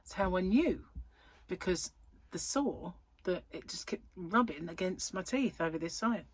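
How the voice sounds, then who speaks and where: A woman's voice: lowish voice, lively intonation, measured pace, slight background noise. A woman in her thirties, a crochet vlogger chatting casually in a rambling way, full of fillers. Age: 30s. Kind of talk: casual chat.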